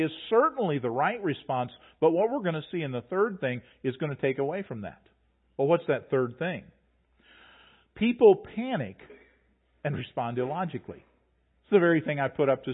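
Animated preacher on a tinny line. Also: male voice, on the high side, husky. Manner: animated preaching, acts out voices of the people in the story. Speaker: pastor. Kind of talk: sermon. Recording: tinny phone-like sound.

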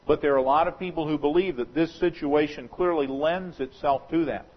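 A man preaching a sermon as pastor, talking through a scripture passage in a conversational, speculative way and slowing down to stress quoted verses. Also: on the high side, husky, highs cut off. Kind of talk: expository sermon.

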